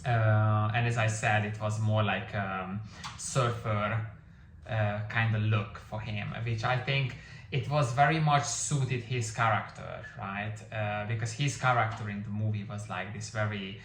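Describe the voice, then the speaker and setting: A man's voice: lowish voice, steady tone, unhurried, fairly bright tone, recorded from a distance, slight background noise. A man giving a casual movie review, rambling with lots of fillers and restarts; his first language is Hungarian. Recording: echoey room, somewhat off-mic.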